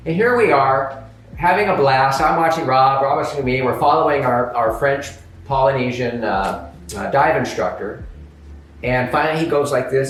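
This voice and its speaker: Male guest, lively storyteller, heard from off-mic in an echoey room. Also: medium pitch, normal speed. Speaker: interview guest. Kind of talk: casual interview chat. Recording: echoey, distant mic with faint music.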